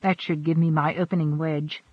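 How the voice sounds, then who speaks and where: Man reading a measured ageless immortal. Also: a little high, level tone, slightly rough, no room sound. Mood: earnest. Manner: measured, earnest, formal. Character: calm ageless immortal male adventurer. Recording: dry, dull lo-fi.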